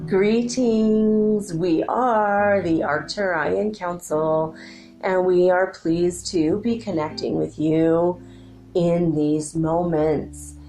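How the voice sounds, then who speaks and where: A woman speaking as a collective alien council in a channeled message, slow, measured and formal. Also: lowish voice, darkish tone.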